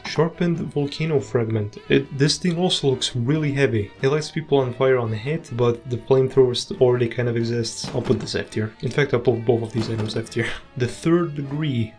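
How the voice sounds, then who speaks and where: A man rattles through video game weapons in casual commentary, dry and offhand with quick verdicts. His voice sits at an ordinary middle pitch. Faint music plays quietly beneath him. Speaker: gaming video creator. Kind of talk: casual tier-list commentary.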